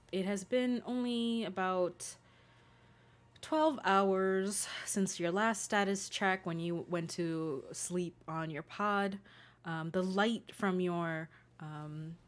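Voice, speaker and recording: A woman narrating as game master, describing scenes in a hesitant way with many fillers. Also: on the low side.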